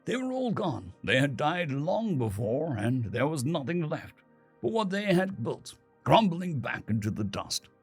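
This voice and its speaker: A man voicing a gentle young father who explains things slowly and patiently to his son. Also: a little high, big pitch swings, husky, faint music behind, voice pushed up, heavily acted. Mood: patient, explaining. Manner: slow, explaining tone.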